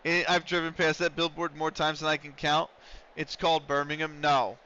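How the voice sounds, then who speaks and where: A little high and showing little pitch movement, his bright, forceful voice moves at normal speed, with a little hiss or hum. The US-based man live-streams a football management game, rambling in casual talk between play-by-play, in dull lo-fi quality.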